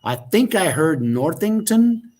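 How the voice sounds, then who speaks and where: Man guest for a livestream chat, slightly high voice, jokey and wandering. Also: sing-song, slow pace, a little mellow. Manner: joking, wandering asides. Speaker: interview guest.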